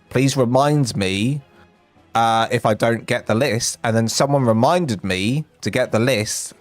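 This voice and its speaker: A man's voice: fairly low pitch, no room sound. A man from England with a lisp, a game streamer telling rambling, self-mocking stories in casual chat.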